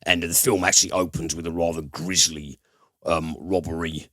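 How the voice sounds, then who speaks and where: A man hosting a podcast, retelling a film plot in a casual, halting way full of fillers, with the odd swear word. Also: low-pitched, little pitch movement, pushed and bright, no room sound. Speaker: podcast host, film reviewer. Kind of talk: casual film review chat.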